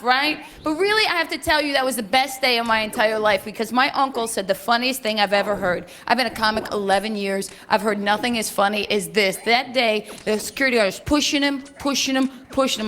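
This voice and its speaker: A woman comedian performing a stand-up set, telling brash, animated stories with shouted punchlines. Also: high-pitched. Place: comedy club stage before a live audience. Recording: stage set with audience laughter and noise.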